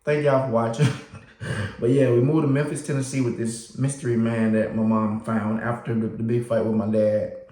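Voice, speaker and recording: At a moderate pace, a man shares his life story informally with the camera. He's a vivid storyteller whose voice climbs high when he imitates his younger self, and the room has a noticeable echo.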